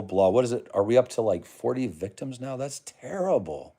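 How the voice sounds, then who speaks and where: A medium-pitched, warm, husky voice runs briskly and expressively with hardly any pauses. It belongs to an American man hosting a laid-back livestream, reading comments and rambling chummily with viewers he calls brother and man.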